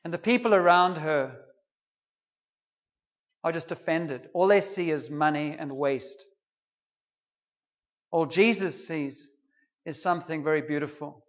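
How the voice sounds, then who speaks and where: A man's voice: on the high side, a little slow, long pauses, muffled recording. A man preaching a sermon, retelling a story in an earnest, conversational way.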